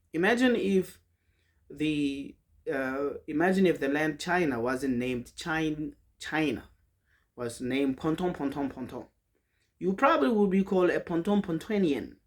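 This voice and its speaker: A man gives an emphatic, preachy spiritual monologue, telling a story. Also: on the high side. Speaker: spiritual speaker.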